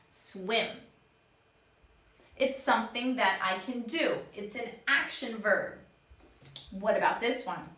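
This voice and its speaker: A woman teaching young children, acting out each word she explains in a slow, animated way. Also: mid-range voice. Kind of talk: children's lesson. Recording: echoey room.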